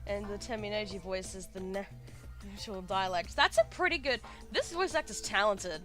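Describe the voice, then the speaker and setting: A woman with an Australian accent, chatting and reacting excitedly while playing a game, swearing freely. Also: mid-range voice, moderate pace. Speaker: gaming streamer. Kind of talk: casual let's-play commentary. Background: game music.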